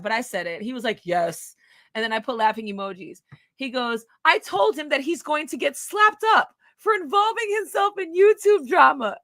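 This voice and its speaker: Woman commentator, high bright voice, dry close sound, crude and mocking, reads texts aloud between sudden loud jabs. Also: no room sound. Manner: shifts from hushed asides to loud outbursts. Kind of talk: profane commentary reading out text messages.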